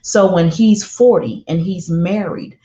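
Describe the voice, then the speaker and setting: A middle-aged woman telling a personal parenting story, emphatic and deliberate, often repeating herself for weight. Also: on the low side, dark tone. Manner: emphatic, slow and deliberate with heartfelt repetition. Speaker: parenting speaker. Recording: roomy, dull lo-fi sound.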